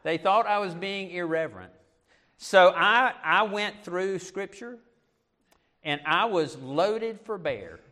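A middle-aged male pastor preaching a sermon, animated, with self-deprecating asides. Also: sits high, slow.

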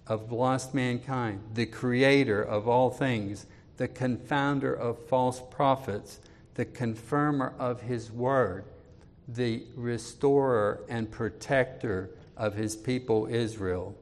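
A man preaching an expository sermon, reading scripture aloud with more force and dropping low and quiet when he appeals to his listeners. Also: big-room sound. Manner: reads scripture louder, drops low and quiet for personal appeals.

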